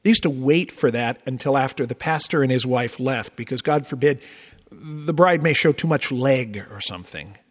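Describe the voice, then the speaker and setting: A man with a medium-pitched voice and moderate pace, a Lutheran pastor, delivers a sermon full of emphatic rises and conversational asides. The recording was made in a church sanctuary, and long reverb trails his words.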